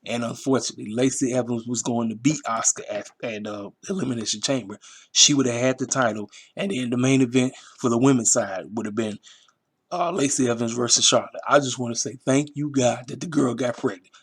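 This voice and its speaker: A man in the middle of his pitch range rants through a wrestling recap. His talk is casual and rambling, full of emphatic repeats and street slang. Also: fairly quick, breathy edge. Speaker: wrestling review channel host. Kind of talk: casual commentary.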